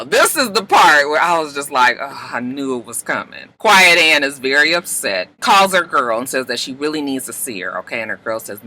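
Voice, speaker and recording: A man casually recapping a TV episode, acting out the characters' lines in high put-on voices. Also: bright, forceful tone, rough recording.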